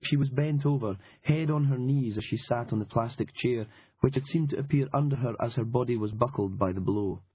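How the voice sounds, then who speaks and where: A man narrating an audiobook in a dry, wry and measured manner. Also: mid-range voice, breathy edge, dry recording. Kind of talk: scripted narration. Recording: dull lo-fi audiobook recording.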